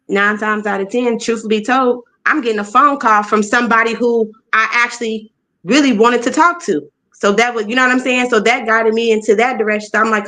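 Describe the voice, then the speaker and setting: Brief: woman, mid pitch, earnest and reflective, casual faith-discussion live stream. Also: fairly bright tone. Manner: earnest, reflective, leans on "you know what I'm saying". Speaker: discussion participant.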